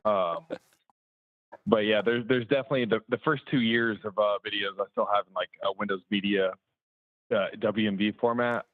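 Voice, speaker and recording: A man from the American South talks loosely on a podcast, stumbling through restarts and fillers in a fairly low voice. His audio is muffled and dry, as if sent over a call line. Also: steady tone, moderate pace, dry recording. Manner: rambling, many fillers and restarts. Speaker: remote guest, motocross videographer. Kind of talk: casual podcast chat.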